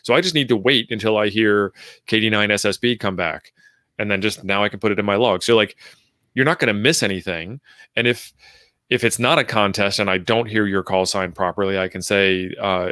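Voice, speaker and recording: Relaxed man acting out radio calls. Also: lowish voice, fairly quick, no room sound, clean studio sound. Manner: relaxed, acts out radio exchanges. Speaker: co-host. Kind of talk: casual chat.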